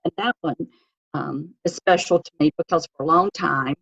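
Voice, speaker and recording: A middle-aged mother, a guest on her daughter's podcast, speaking gently and earnestly about faith. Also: low-pitched, normal speed, gravelly, husky, low-quality recording. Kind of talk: casual interview.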